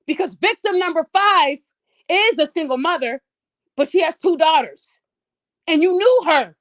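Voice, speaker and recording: A woman hosts her podcast in a high, clear voice and delivers heated, mocking commentary full of profanity and disbelief. The sound is dry and close, with no room echo. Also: a bit bright. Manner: acts out quoted people in raised, sing-song voices. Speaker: podcast host.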